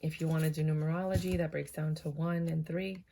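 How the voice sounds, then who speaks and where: A woman's voice: low-pitched, little pitch movement, fairly quick, mellow, a little hiss or hum. A woman giving a casual, chatty tarot reading, talking straight to her viewers with emphatic, cheerleader-like speech. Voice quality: speech she calls cheerleader-like. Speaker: tarot reader.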